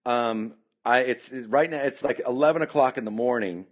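In a mid-range voice at normal speed, a Californian punk musician guesting on a podcast tells a lengthy, casual story. He acts out quoted dialogue and peppers it with "you know," recorded on a podcast studio mic.

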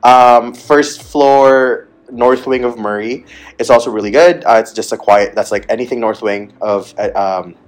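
A young man co-hosting a student podcast, talking in a relaxed, rambling way full of "like" fillers. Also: medium pitch, normal speed. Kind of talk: casual chat.

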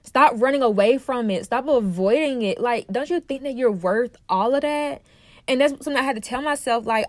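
A woman's voice: a little high, normal speed, darkish tone, no room sound, studio quality. A woman hosting her own podcast, talking in a casual, passionate way and repeating phrases for emphasis. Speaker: podcast host. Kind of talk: casual motivational podcast monologue.

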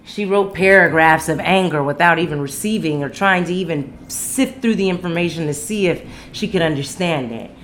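A young woman tells a personal story straight to her listeners in a loose, unscripted rant. She swears freely, laughs through her own lines and leaps up in pitch whenever she acts out what someone said. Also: normal speed, hardly any pauses, fairly bright tone, a little hiss or hum. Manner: candid, profane and laughing, with big pitch jumps when quoting. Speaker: podcast host and singer.

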